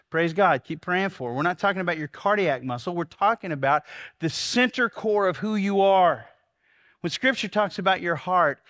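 A pastor in his sixties delivers a sermon with a high, light voice. He is earnest and heartfelt, building to fervent pleas before slowing into quiet, deliberate prayer. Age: 60s. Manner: earnest, rises to fervent pleading then drops to slow soft prayer. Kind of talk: sermon leading a congregational prayer.

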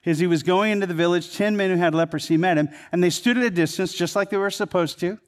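A man preaching a sermon in a conversational way, building to emphatic peaks and then dropping low. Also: fast talker. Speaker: pastor.

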